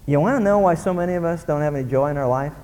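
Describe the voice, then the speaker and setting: A male pastor preaching a sermon in an animated way, acting out grumbling voices. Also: a little high, very fast, in a large hall.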